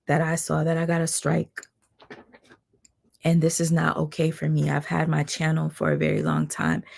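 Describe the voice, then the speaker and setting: Woman host, low and gravelly, strained voice, heated blunt livestream rant. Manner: blunt, heated, swearing, reads viewer comments aloud.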